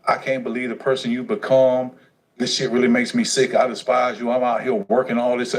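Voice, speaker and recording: A man's voice: mid-range voice, little pitch movement, a little fast, lightly acted. A man voicing his angry mother as she scolds and curses at her son. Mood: bitter. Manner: shouting, cursing, bitter. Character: furious scolding mother, middle-aged woman.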